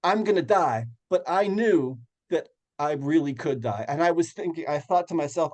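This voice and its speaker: A man's voice: fairly high pitch, lively intonation, normal speed, few pauses, darkish tone. Earnest man telling a personal story. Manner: earnest, vivid retelling. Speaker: guest speaker. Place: retirement community hall.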